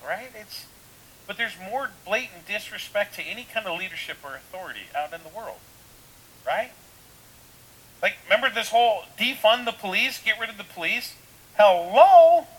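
A man's voice: high-pitched, sharp tone, slight background noise, low-quality recording. A man preaching a sermon in a casual, conversational way, full of rhetorical questions and restarts. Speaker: pastor.

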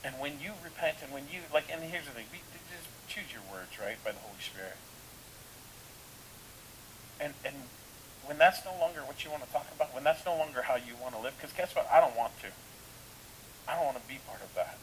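Man, pastor, sermon, conversational, rhetorical questions, slightly high voice, faint hiss. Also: fast talker, poor audio.

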